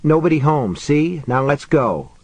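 A man's voice: fairly high pitch, big pitch swings, measured pace, slightly rough, dry recording, full character voice. A man voicing a blunt, profane young woman. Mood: exasperated. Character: sharp-tongued young woman, scared but defiant.

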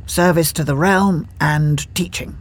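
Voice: medium pitch, steady tone, unhurried, a little hiss or hum, natural voice. A narrator voicing a reserved British officer, speaking in a clipped, polite and understated way. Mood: reflective.

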